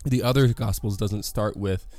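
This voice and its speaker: A man's voice: fairly low pitch, moderate pace, a little mellow, soft background music. A man giving a casual devotional talk on a worship song, rambling and correcting himself with many fillers.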